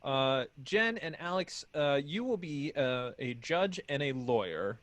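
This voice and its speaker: Lively man hosting an improv show. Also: on the high side, unhurried, no room sound. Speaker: game show host.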